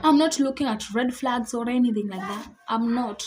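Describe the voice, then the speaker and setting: A woman's voice: a little high, fairly even intonation, moderate pace, over music. Chatty girl telling a story. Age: child. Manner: chatty, indignant retelling with many "I was like" quotes. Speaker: vlogger. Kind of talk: storytime vlog.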